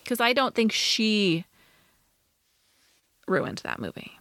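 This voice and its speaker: A woman's voice: medium pitch, animated, slow pace, a bit bright, no room sound. Woman co-host giving opinions, dry sound. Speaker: podcast co-host. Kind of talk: casual chat.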